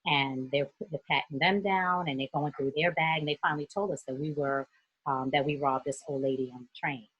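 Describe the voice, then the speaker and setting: A woman from New York, a youth mentor, telling a personal story in an earnest, steady way during a group discussion on a video call. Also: sits low, fairly quick, slightly rough, lo-fi sound.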